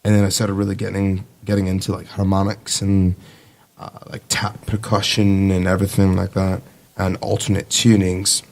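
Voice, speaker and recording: A man's voice: deep voice, monotone, moderate pace, gravelly. A man in his twenties, a navy sailor telling stories as a guest in a casual podcast conversation, rambling and easygoing with lots of fillers. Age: 20s.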